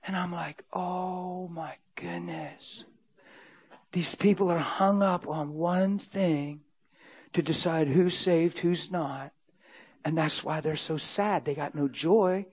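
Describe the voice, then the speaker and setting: Man, preacher, middle-aged, sermon storytelling, animated, somewhat high-pitched. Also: slow, breathy edge. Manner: animated, acts out dialogue, swings from loud to hushed.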